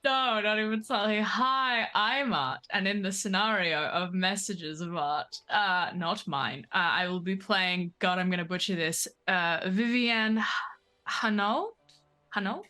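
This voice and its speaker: Bright, frank woman in her thirties. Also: mid-range voice, measured pace, hardly any pauses. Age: 30s. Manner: frank, jokey, self-deprecating. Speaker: player. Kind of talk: casual chat.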